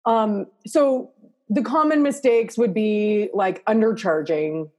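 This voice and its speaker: A woman's voice: mid-range voice, slow, warm tone. A woman with a Canadian accent, an interior designer talking casually and at length in an interview, with many fillers. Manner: chatty, rambling, lots of fillers.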